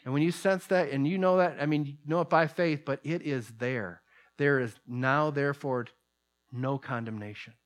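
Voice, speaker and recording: A man preaching a sermon, who rises to loud, emphatic peaks and then drops to soft, low asides. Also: steady tone, moderate pace.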